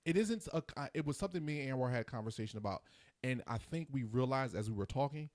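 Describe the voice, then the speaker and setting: A man in his forties hosting a casual podcast chat, ranting in an animated way and mimicking others in quick asides. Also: mid-range voice, dry recording, studio quality. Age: 40s. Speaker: host.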